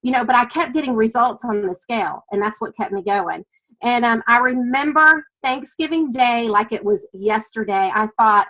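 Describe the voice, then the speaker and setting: A woman's voice: on the high side, normal speed, a bit bright, low-quality recording. A middle-aged woman with a Southern US accent, giving an earnest, emotional personal testimony about her weight-loss journey. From American South. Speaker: weight-loss client sharing her story.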